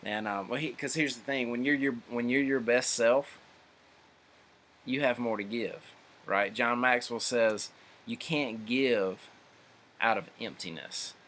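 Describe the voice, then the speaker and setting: Male fitness coach, mid-pitched, earnest motivational pep talk to camera, repetitive and full of fillers, faint hiss behind. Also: fairly even intonation, measured pace, a bit bright. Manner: earnest, repeats phrases for emphasis, many fillers and restarts. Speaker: fitness coach and gym owner.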